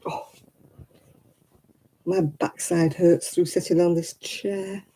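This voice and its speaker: A woman's voice: on the low side, fairly even intonation, unhurried, noisy background. A middle-aged woman, hosting a casual craft livestream, chatty and candid with frequent laughs. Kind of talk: casual live chat while knitting.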